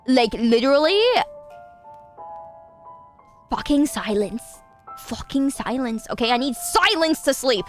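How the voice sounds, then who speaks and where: A woman hosting a casual stream chat, telling stories with lots of laughter and frank swearing. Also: a little high. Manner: animated, laughing, swearing freely. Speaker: radio show host, VTuber.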